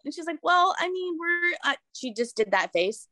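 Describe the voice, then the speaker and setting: A woman's voice: very high-pitched, big pitch swings, normal speed, pushed and bright, no room sound. A woman in casual chat, telling a personal story in a rambling, emotional way with many restarts. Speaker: guest sharing a story.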